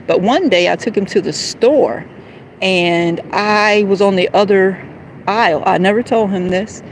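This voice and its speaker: A woman in an emotional, rambling live-stream monologue, heated and confrontational at times, then soft and apologetic. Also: mid-range voice, a little slow, a little hiss or hum, rough recording. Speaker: livestreamer.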